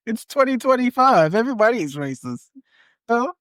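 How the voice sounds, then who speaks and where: A man's voice: extremely high pitch, big pitch swings, normal speed, fairly bright tone, no echo. A young man co-hosting a casual podcast, joking and provocative in slangy speech. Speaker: podcast co-host.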